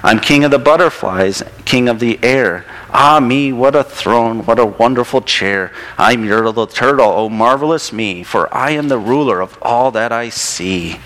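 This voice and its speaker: A man puts on a pompous turtle king from a storybook, raising his voice above his usual pitch. The king barks and bellows, a boastful little tyrant who thunders out every order. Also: normal speed, hardly any pauses, fairly bright tone, natural voice, rough recording. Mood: gloating. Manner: barking, bellowing commands. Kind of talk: storybook reading aloud.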